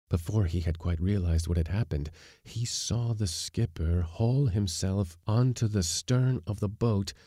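Deep-voiced guy reading a short story podcast, dark tone, steady. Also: no room sound, clean studio sound. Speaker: podcast narrator. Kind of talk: scripted audiobook narration.

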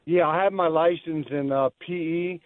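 A man in his late forties from Maryland, calling in, with a raspy voice worn by injured vocal cords and a slow, halting delivery. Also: on the high side, steady tone, no room sound. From Maryland, USA. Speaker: caller, teacher and lacrosse coach. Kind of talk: phone-in chat. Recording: tinny phone line.

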